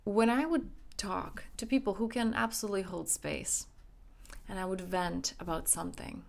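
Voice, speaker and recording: A woman's voice: medium pitch, gravelly. A young adult woman, a life coach, giving an emphatic motivational self-help talk, acting out her own inner dialogue.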